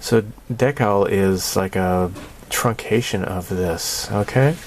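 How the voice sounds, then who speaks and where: A man with a lowish voice gives a casual channel update. He rambles in a sarcastic tone and keeps breaking into laughter. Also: slow pace, slight background noise. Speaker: channel host.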